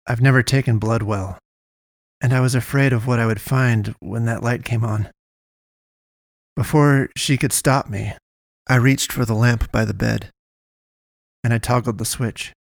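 A man's voice: medium pitch, no room sound. Man reading a story, dry and close. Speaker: narrator. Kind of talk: first-person story reading.

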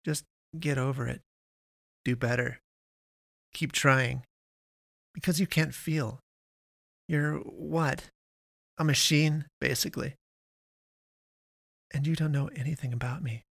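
A man's voice: medium pitch, fairly even intonation, takes it slowly, creaky, long pauses, a bit bright, no echo, clean studio sound, pitched above the performer's own voice, heavily acted. A man voicing a bitter young woman.

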